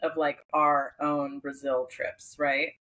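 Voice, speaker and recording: A woman's voice: low voice, little pitch movement, slow, a bit bright, low-quality recording. A young woman guest, a flight attendant, chatting casually and animatedly, rambling a little. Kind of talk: casual chat.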